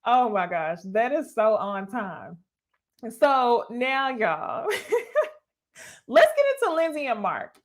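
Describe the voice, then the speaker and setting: A young woman talks through a reality dating show as if chatting with friends. She sits a touch above the usual pitch, laughs easily and is blunt and profane. She keeps tossing "okay?" and "y'all" at her viewers. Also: very animated, slow, long pauses. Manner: addresses viewers directly as "y'all". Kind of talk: casual reaction commentary.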